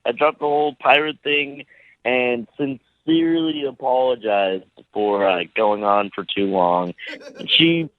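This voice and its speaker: Guy calling into a radio show, slow and sheepish, thin phone line sound. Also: mid-range voice, dry recording. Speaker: caller. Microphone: telephone.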